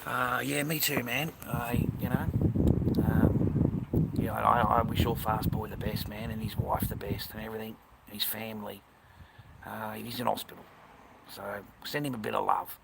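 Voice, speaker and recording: A man's voice: on the low side, little pitch movement, normal speed, creaky. A man chatting casually on a live stream, blunt and rambling, swearing constantly. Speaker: livestreamer. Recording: noisy background hiss.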